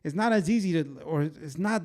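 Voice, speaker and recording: A man in his twenties co-hosting a podcast, telling animated stories in casual chat full of fillers like "way" and "bro". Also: a little high, fairly quick. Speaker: podcast co-host.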